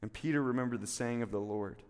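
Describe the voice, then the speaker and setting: A man preaching a sermon as pastor, telling the story with animated delivery and acting out the quotes. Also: medium pitch, fast, smooth, long reverb tail.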